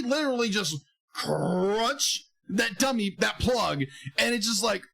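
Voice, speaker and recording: A man's voice: sits high, animated, moderate pace, vocal fry, fairly bright tone. A man co-hosting a casual podcast review, rambling and retelling scenes. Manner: rambling, heavy on "be like" fillers. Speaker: podcast co-host.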